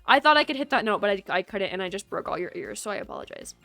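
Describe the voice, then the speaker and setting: A chatty young-sounding woman streaming a game from her bedroom. She rambles and laughs at herself as she goes, in a medium-pitched voice. Her talk is loose and casual. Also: lively intonation, racing, pushed and bright, faint music behind. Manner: chatty, rambling, self-deprecating. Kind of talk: casual live-stream chat. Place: small bedroom. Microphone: streaming setup.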